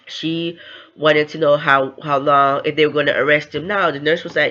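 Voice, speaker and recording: A woman's voice: low voice, steady tone, normal speed, fairly bright tone, lo-fi sound. Chatty woman recapping a novel. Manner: chatty, with fillers and tag questions. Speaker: book reviewer. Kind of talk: casual book recap.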